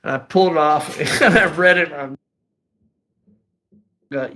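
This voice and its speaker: Bright-voiced man telling a raw testimony. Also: on the high side, animated, measured pace, long pauses. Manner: raw, emotional, conversational, peppered with "man" and "you know". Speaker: guest sharing a testimony. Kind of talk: personal testimony storytelling.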